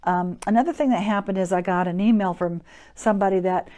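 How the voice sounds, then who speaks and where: A woman's voice: medium pitch, fast, mellow. A woman hosting a live-streamed talk, teaching in an encouraging, chatty way and greeting viewers by name. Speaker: host.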